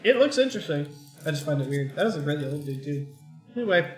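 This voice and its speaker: A man's voice: a little high, sing-song, fast talker. A man co-hosting a casual chat, joking and acting out quoted voices. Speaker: co-host. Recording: echoey room, faint music.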